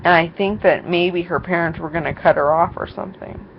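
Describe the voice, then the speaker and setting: A woman's voice: fairly low pitch, steady tone, a little fast, gravelly. A young woman vlogging casually, rambling through a story with lots of fillers and quoted voices. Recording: dull lo-fi sound with faint noise.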